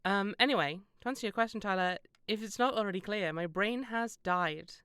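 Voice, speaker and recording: Bright, crisp British woman streamer. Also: mid-range voice, fairly quick, no room sound, clean studio sound. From Britain. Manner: rambling, self-deprecating, laughs often. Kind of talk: casual gameplay stream chat.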